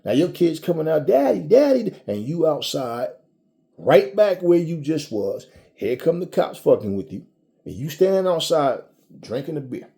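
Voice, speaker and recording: A man's voice: fairly high pitch, animated, normal speed, dark tone. A man ranting to his audience in a casual, blunt, profane way, often restarting his sentences. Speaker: commentator. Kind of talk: casual rant to camera.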